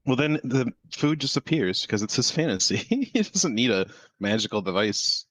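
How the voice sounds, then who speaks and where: A man's voice: mid-range voice, expressive, normal speed, fairly bright tone, no echo. A man co-hosting a movie watch-along, playful and chatty, who explains things at length with lots of fillers. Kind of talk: casual chat over a movie.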